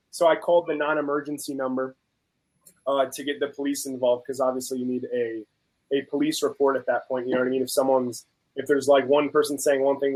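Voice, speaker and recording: A young adult man and host of a food channel, chatting casually and telling a story with lively acted-out quotes. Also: mid-range voice, low-quality recording. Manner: animated storyteller, acts out quotes.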